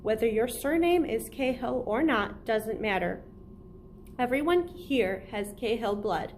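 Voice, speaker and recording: A woman reading the lines of a stern elderly male lawyer in a formal, deliberate storybook voice. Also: on the high side, lively intonation, slight background noise.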